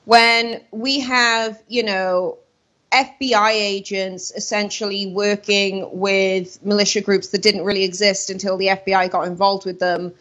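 A woman's voice: mid-range voice, flat delivery, measured pace, fairly bright tone. Earnest woman guest on a muffled line. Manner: earnest, rambling with self-corrections. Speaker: guest commentator. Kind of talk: radio interview, opinionated talk.

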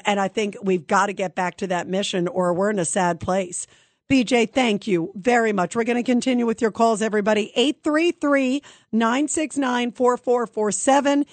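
A woman's voice: mid-range voice, dry recording. A woman hosting a political call-in radio show, talking emphatically with a conversational flow and frequent fillers. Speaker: radio talk show host.

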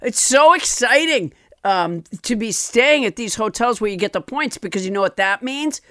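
A woman's voice: a little high, animated, moderate pace, fairly bright tone, no echo. A woman co-hosting a comedy podcast, making wry, jokey remarks in casual chat. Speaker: podcast host.

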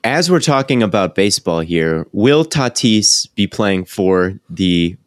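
A man's voice: lowish voice, lively intonation, a little slow, no echo, studio quality. A man co-hosting a sports podcast, chatting in a wry, questioning, joking way. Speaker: podcast co-host. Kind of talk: casual sports chat.

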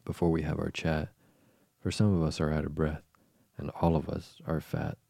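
A man reading the lines of a group of plump, anxious young oysters in a calm storybook voice. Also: a bass voice, normal speed, gravelly, dry recording, clean studio sound.

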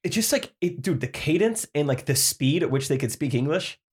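A man co-hosting a comedy podcast who talks fast in an easygoing way and laughs often. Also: fairly high pitch, expressive, husky. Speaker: podcast co-host. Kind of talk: casual comedy chat.

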